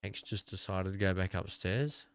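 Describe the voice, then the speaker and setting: A man's voice: low voice, moderate pace, smooth. An Australian man giving casual, rambling gameplay commentary, thinking aloud as he plays. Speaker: gaming video creator.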